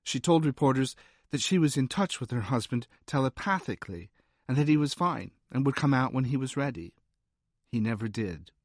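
A man's voice: mid-range voice, lively intonation, no echo. Dry-voiced male audiobook narrator. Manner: measured, dry storytelling with wry asides.

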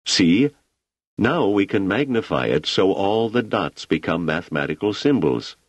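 A man voicing a kindly, absent-minded older male scholar who speaks slowly and reassuringly. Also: deep voice, big pitch swings, no room sound, voice pushed up, full character voice. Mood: eager.

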